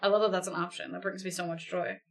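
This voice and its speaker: A woman streaming a video game, chatting casually, excitable and swearing freely. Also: fairly low pitch, fast. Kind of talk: casual gaming chat. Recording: game music clearly audible behind.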